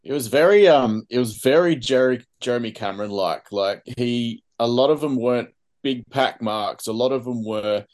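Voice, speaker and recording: An Australian man co-hosting a casual sports podcast, talking hesitantly with many pauses and ums. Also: medium pitch, a little mellow. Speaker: podcast co-host. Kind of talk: casual chat.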